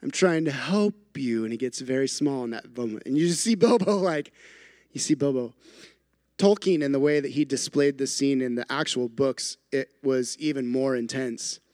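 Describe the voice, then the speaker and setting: A man's voice: medium pitch, normal speed, darkish tone, no echo, studio quality. A man preaching a sermon as a pastor, telling a story with animation and repeating phrases for emphasis.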